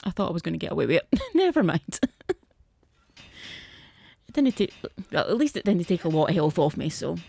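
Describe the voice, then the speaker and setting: A woman's voice: deep voice, animated, racing, vocal fry, few pauses, warm tone. A young woman casually commenting as she plays a video game, chatty and easily flustered, laughing often. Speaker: gaming streamer.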